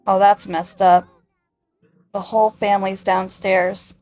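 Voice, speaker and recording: Slow, chatty woman narrating a game. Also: mid-range voice, flat delivery, darkish tone, soft background music. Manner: chatty, wry commentary on the game. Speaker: gameplay narrator. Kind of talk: casual let's-play narration.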